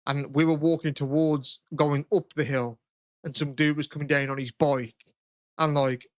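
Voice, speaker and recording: A man's voice: a little high, level tone, normal speed, no echo, clean studio sound. A young English man, a podcast co-host, telling funny stories in casual chat, swearing and laughing. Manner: storytelling, swearing, breaks into laughter.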